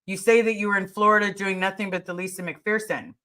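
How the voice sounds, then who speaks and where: A woman hosting a casual livestream, talking straight to her viewers. Her voice is bright and forward, and she presses her points hard, repeating key words for emphasis. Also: medium pitch, fairly even intonation, quick pace. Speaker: livestream host answering viewer questions.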